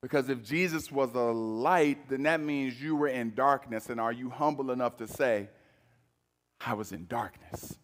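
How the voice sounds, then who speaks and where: A man preaching a sermon, moving between emphatic loud passages and hushed, low-voiced lines. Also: moderate pace, few pauses. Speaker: pastor. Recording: long reverb of a large hall.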